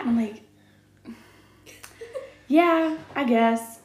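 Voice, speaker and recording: A woman's voice: high-pitched, expressive, drawn-out words, long pauses. Chatty woman podcast host, echoey room. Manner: chatty, laughing storyteller with many fillers. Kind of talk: casual interview chat.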